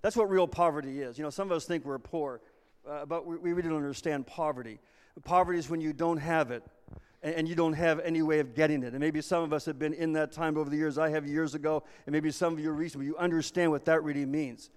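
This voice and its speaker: A man's voice: a little high, steady tone, fast talker, clean tone. A man preaching a sermon as pastor, earnest and repeating himself as he restarts phrases. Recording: long reverb of a large hall.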